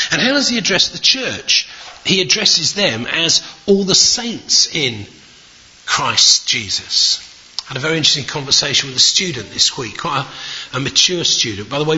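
A middle-aged man preaching a sermon with a very bright, ringing voice and a pitch that swings up and down. He draws out key words slowly for weight. The recording sounds dull and lo-fi. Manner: expressive, drawn-out emphasis on key words.

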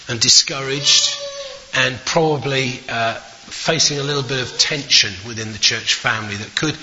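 A man's voice: medium pitch, sharp tone, a little hiss or hum. A middle-aged man preaching a sermon, reading scripture and telling stories, stretching out key words for emphasis. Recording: dull lo-fi sound.

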